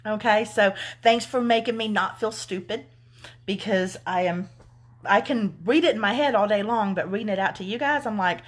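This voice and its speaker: A woman's voice: medium pitch, normal speed. A middle-aged woman with a Southern US accent, an author reading her own book aloud and then chatting with her live viewers in an effusive way, swearing freely.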